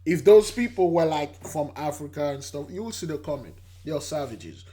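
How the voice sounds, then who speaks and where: A man's voice: a little high, normal speed. A man hosting a religious channel, giving emphatic casual commentary on a news clip. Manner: animated, emphatic, acts out quoted voices.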